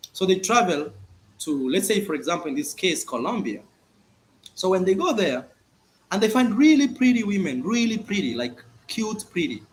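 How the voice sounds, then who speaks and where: A man's voice: a little high, a little hiss or hum. A man vlogging at home, telling a story emphatically and repeating words for effect. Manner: animated, emphatic storytelling with repetitions. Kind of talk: casual vlog monologue. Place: at home, indoors.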